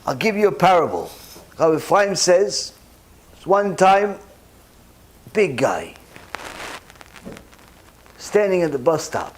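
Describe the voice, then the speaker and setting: A rabbi giving a sermon, telling stories with emphatic repetition and animated delivery. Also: male voice, high-pitched, takes it slowly, long pauses. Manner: repeats phrases for emphasis.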